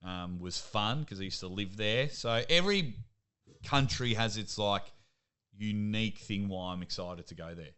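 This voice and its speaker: A young Australian man, a sports commentator, chatting casually as a podcast guest and telling lively stories. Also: on the low side, normal speed, clear, resonant tone. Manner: lively storyteller, laughs at himself. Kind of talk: casual interview chat.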